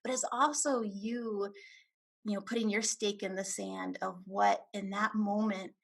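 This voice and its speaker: A woman with a gravelly, creaky edge talks through relationship coaching in a reflective, thoughtful way. Her pitch sits in a middle range. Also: steady tone, measured pace. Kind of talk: coaching podcast talk.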